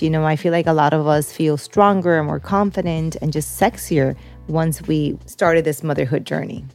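A woman hosting a podcast with a deep, low voice. She speaks in an earnest, encouraging tone as she introduces her guest. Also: a little fast, few pauses, a little mellow, faint music behind. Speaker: podcast co-host. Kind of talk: casual podcast chat.

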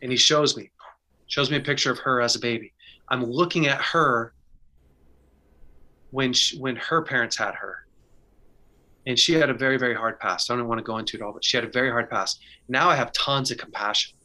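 A man's voice: mid-range voice, brisk, long pauses, pushed and bright. A man teaching in a casual, conversational way and sharing his own story, earnest and candid, with short bursts and restarts. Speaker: faith speaker sharing advice.

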